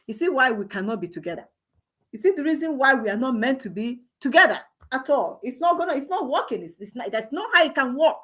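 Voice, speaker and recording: A Nigerian woman with a fairly high voice speaks in an emotional commentary monologue. She repeats her points and cries out to God, sounding preachy and exclamatory. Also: a bit bright. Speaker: online commentator.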